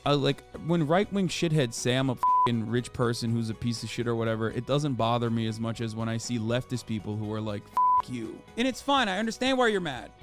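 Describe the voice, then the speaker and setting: A man's voice: mid-range voice, expressive, a little fast, few pauses, faint music behind. Impassioned man ranting on stream. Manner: impassioned, profane, building to shouts. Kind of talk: heated stream rant.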